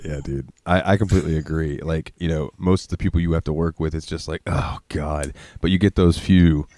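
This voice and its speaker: A man's voice: rumbling low, fairly even intonation, quick pace, mellow, dry recording, studio quality. A young man co-hosting a podcast, telling crude stories in casual chat and laughing often. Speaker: podcast co-host.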